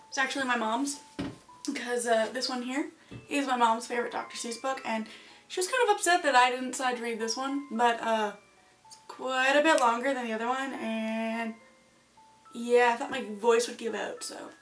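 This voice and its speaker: A woman's voice: fairly high pitch, a bit bright. A young adult woman chatting casually to camera in a vlog, offhand and jokey, with lots of fillers. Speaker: video creator.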